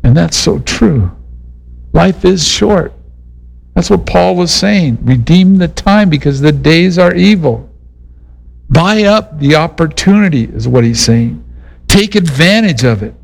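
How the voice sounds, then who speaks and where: A man's voice: fairly high pitch, expressive, a little slow, vocal fry, husky, poor audio. A middle-aged man preaching a sermon in a casual, conversational way, mixing Bible teaching with a personal story. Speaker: pastor.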